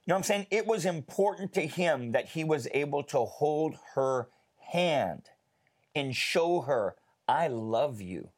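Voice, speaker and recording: A man telling a personal story in a casual faith discussion, chatty and animated, with many fillers. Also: a little high, unhurried.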